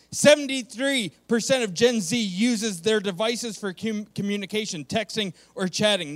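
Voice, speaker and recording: A man's voice: high voice, fairly bright tone. A man preaching a sermon as pastor, emphatic and conversational, often repeating key points and checking in with "okay".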